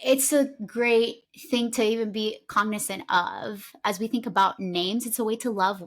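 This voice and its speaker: A woman's voice: mid-range voice, moderate pace. A woman from Honduras, hosting a podcast interview in casual chat, often restarting her sentences. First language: Spanish. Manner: warm affirming talk with frequent restarts. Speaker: podcast host.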